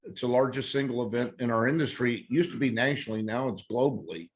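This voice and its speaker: A man hosting a podcast panel interview, asking questions in a relaxed, chatty way. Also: medium pitch, fast talker. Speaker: podcast host.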